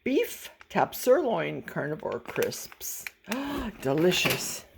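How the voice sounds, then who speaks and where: A woman's voice: medium pitch, big pitch swings, takes it slowly, noisy background. A woman chatting casually through an unboxing vlog, folksy and playful, with cheerful exclamations and handheld camera. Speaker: vlogger. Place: home in a forest.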